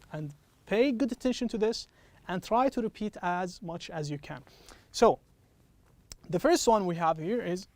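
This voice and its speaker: A man teaching an English pronunciation lesson, patiently checking in with "okay?" and slowing down to model each example phrase. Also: high-pitched, no room sound. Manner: patient, repeats "okay?" after each point.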